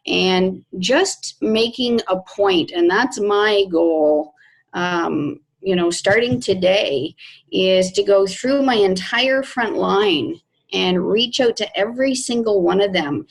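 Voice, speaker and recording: Slow, gravelly woman, heartfelt. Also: mid-range voice, low-quality recording. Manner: slow, warm, heartfelt and emotional. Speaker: network marketing team member. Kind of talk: casual video call chat.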